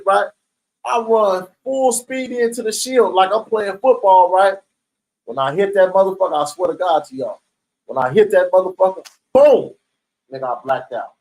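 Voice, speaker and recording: Prison life is the subject for this high-voiced man, who narrates in a casual street manner, swears openly, and keeps asking "right?". The recording sounds rough.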